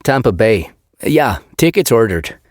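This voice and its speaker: A man's voice: medium pitch, big pitch swings, unhurried, darkish tone, no room sound, clean studio sound, pitched above the performer's own voice. A man voicing a huge, terse Swedish male ex-wrestler turned scientist, with a Swedish accent and clipped, broken-English replies.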